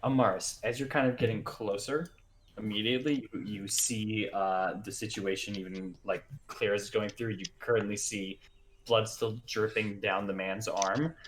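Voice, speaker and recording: A man narrating a tabletop game as game master, halting and full of fillers. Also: on the low side, steady tone, slight background noise.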